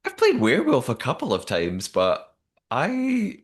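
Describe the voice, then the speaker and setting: A man co-hosting a podcast in casual chat, chatty and animated, with frequent restarts. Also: mid-range voice, a little slow. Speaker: podcast co-host.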